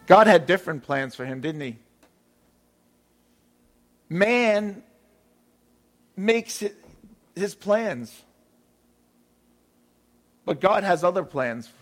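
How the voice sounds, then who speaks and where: A man's voice: sits high, animated, extremely slow, pauses often, fairly bright tone. A man preaching a sermon in an emphatic way, repeating his key phrases.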